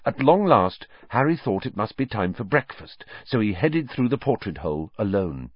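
A man narrating a novel as an audiobook in an expressive storytelling way. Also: on the low side, moderate pace, few pauses, no echo, lo-fi sound. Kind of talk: scripted narration.

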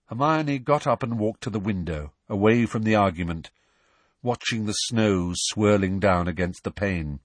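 A man reads a story aloud in a low, husky voice with a lively, expressive lilt. The sound is close and dry, with no room around it. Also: normal speed, no echo. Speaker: audiobook narrator. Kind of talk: scripted narration.

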